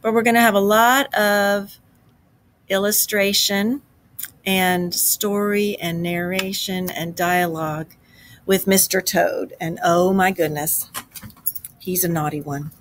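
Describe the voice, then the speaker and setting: A woman teacher reading a storybook aloud to a class, expressive, with chatty asides. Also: medium pitch, slow, slight background noise.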